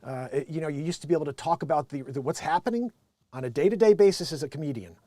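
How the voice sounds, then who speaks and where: Man, high-pitched voice, Connecticut accent, live news-comedy host, profane emphatic ranting, dry close mic. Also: quick pace, no room sound. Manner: loud, emphatic and profane, swings between shouting and muttering. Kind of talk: unscripted ranting commentary on news.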